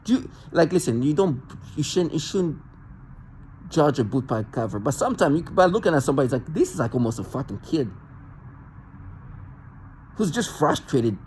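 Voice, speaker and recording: A man speaking to the camera in an agitated monologue, halting and repeating words as he restarts sentences. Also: a little high, big pitch swings, darkish tone, slight background noise, low-quality recording. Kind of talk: self-recorded monologue rant.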